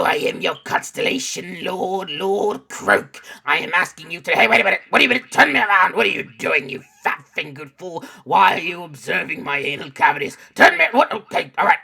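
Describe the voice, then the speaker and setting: A man voicing a pompous, indignant ancient male frog lord, a painted miniature come to life, with a gravelly, strained voice. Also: a little high, pushed and bright, exaggerated voice. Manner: haughty, indignant, flustered.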